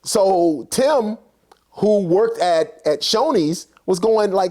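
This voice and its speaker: Speaking slowly in a notably high voice, a man relates a personal story in a relaxed, conversational manner. He stays animated, acting out the voices of the people involved, and fills pauses with lots of casual fillers.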